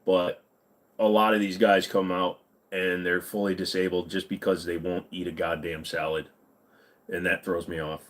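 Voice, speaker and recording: Chatting casually with his viewers, a tired American man in his forties answers their comments in a rambling, profane, no-nonsense manner. The voice is low and level, delivered at a moderate pace.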